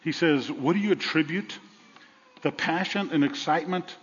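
Pastor, male, fairly high voice, lively preaching delivery, dull sound in a long-reverb sanctuary. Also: normal speed. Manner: animated preaching, swings from loud to hushed. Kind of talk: sermon.

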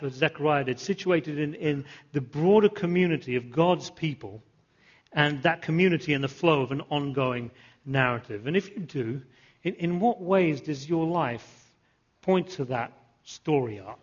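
A pastor preaching a sermon, animated, repeating phrases and asking the congregation questions. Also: male voice, on the high side, dull audio. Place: church.

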